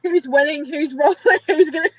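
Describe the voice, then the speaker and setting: A woman player in a tabletop game, excitable and firing off quick questions. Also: high voice, dry recording, muffled recording. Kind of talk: casual tabletop play chat.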